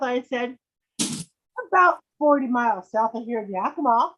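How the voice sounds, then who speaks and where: A woman telling a story in an amused, unhurried way during a casual video call. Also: on the high side, animated, slight background noise. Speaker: guest. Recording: dull lo-fi video call audio.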